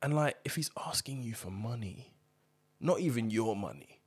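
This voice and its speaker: A man's voice: medium pitch, animated, normal speed, husky. A man, co-hosting a podcast in laid-back, teasing, slangy banter. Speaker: podcast co-host. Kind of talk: casual banter.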